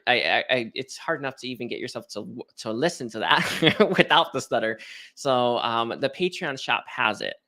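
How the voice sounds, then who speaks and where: A man's voice: mid-range voice, bright, forceful tone. A man giving a casual, rambling spiritual reading, chatting to viewers with lots of fillers and restarts. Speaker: spiritual card reader.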